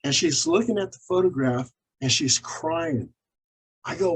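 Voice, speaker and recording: A man's voice: fairly high pitch, a little slow, slightly rough, rough recording. A man, a paranormal investigator, telling stories of his cases in an interview and acting out the dialogue. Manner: animated anecdotes, acts out quoted dialogue. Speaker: paranormal investigator and author, guest. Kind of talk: storytelling in an interview.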